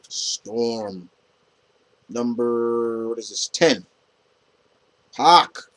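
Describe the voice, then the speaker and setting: A young man talks through his comic picks in an easygoing, unscripted way. His voice sits at an ordinary middle pitch. He rambles, restarts his sentences and leans on fillers, with casual swearing mixed in. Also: very slow, pauses often, fairly bright tone. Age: young adult. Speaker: comic book reviewer. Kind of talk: casual spoken review.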